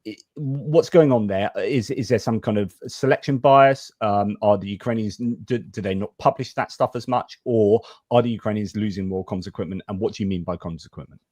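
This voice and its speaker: A man's voice: fairly low pitch, moderate pace, hardly any pauses, darkish tone, no room sound, studio quality. A man hosting a livestream, chatting casually with many fillers and restarts as he reads donor messages and asks questions. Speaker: livestream host.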